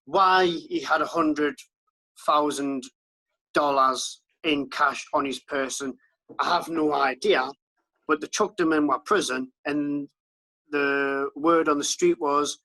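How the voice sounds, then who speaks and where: A man's voice: fairly high pitch, steady tone, slow, bright, forceful tone, low-quality recording. A man, a podcast guest, recalling events in a wry, incredulous way. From Britain. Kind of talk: conversational recollection.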